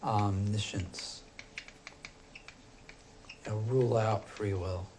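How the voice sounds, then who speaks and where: A man teaching a philosophy class, talking loosely and thinking aloud with frequent pauses and fillers. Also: medium pitch, background noise. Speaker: philosophy instructor. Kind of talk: classroom lecture.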